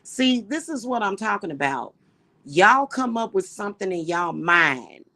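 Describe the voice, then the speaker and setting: Slow, forceful, indignant woman host. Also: mid-range voice, animated, dry recording. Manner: indignant, exasperated, rhetorical questions; repeats points slowly and emphatically. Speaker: livestream host. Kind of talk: livestream rant to viewers.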